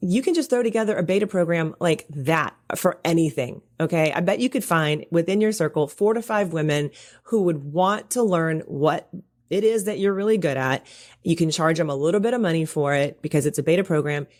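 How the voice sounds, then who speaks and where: A woman with a notably low voice talks as a guest coach on a podcast. She is earnest and reassuring and walks through practical examples in a relaxed, conversational way. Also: fairly quick. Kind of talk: casual interview chat.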